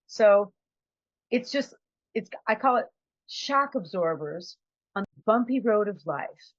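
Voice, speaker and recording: A woman's voice: mid-range voice, lively intonation, measured pace, no room sound, lo-fi sound. A woman giving a conversational, reflective motivational talk as a trainer. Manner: conversational, reflective, acts out quotes.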